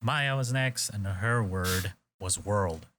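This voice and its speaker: A man's voice: lowish voice, takes it slowly, background noise. A man hosting a podcast, chatting casually and retelling scenes with quoted voices, plenty of swearing and loose filler. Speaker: podcast host. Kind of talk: casual chat.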